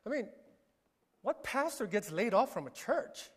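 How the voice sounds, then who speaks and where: Male pastor, conversational self-deprecating sermon, high voice, long hall reverb. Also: big pitch swings, measured pace, slightly rough. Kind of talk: sermon with personal story. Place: church sanctuary.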